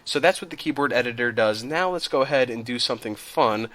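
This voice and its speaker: Chatty man hosting a software tutorial. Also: medium pitch, a little fast. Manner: relaxed, chatty, addresses viewers as guys. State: coughing, clearing his throat. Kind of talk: casual screen-recorded tutorial.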